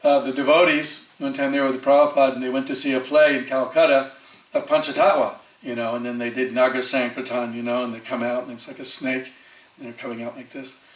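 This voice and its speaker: A man giving a storytelling sermon at a temple, animated and chatty, acting out the voices in his stories with many fillers. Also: medium pitch, a little fast. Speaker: temple speaker. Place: temple hall. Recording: echoey hall, distant mic.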